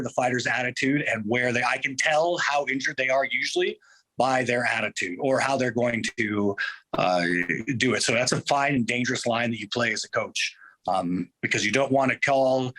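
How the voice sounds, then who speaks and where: Guest: man, coach, bright tone, relaxed and thoughtful, lots of pauses. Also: mid-range voice. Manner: relaxed, thoughtful, with frequent fillers and restarts. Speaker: MMA coach, interview guest. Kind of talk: casual interview talk.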